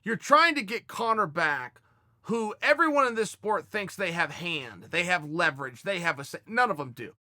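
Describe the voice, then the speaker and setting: Bright, high-voiced man telling a story. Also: normal speed, no room sound, studio quality. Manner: animated, conversational, retells scenes with quoted dialogue. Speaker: host answering fan questions. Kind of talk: casual storytelling and commentary.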